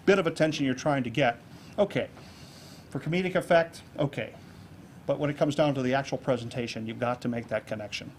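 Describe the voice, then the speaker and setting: A man speaking a touch higher than most, delivering a keynote on public speaking to a club audience. He is lively and jokey and acts out little examples as he goes. A faint hiss of room noise sits under the voice. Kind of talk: public speaking talk on presentation skills.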